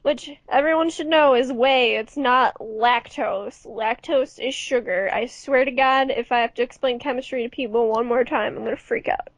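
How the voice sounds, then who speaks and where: High-voiced giggly young woman. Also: normal speed, hardly any pauses, no echo. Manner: giggly, chatty, self-mocking. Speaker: podcast co-host. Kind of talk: casual chat. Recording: dull lo-fi podcast recording.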